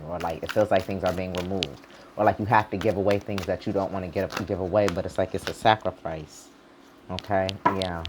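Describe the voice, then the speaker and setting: A man's voice: low voice, noisy background. A man doing a casual, rambling tarot reading for his channel, full of fillers and loose, informal talk with the odd swear word. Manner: loose and rambling, heavy on "like" and "you know". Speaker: tarot reader.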